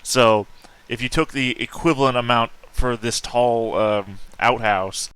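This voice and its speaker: A man's voice: medium pitch, a little slow, a bit bright, smooth. A man playing a tabletop role-playing game, arguing his case with many hesitations. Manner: argumentative, hesitant with fillers. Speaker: player.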